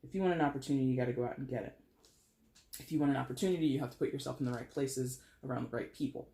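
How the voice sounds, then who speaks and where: A man giving a casual tarot reading, chatty and animated, swearing now and then. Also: medium pitch, very fast, gravelly, roomy sound. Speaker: tarot reader.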